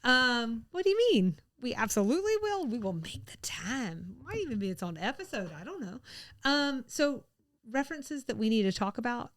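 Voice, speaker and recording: A woman's voice: a little high, very animated, a little fast, a bit bright, no echo, clean studio sound. A woman co-hosting a podcast in casual chat, chatty with many fillers and frequent laughs. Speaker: podcast co-host.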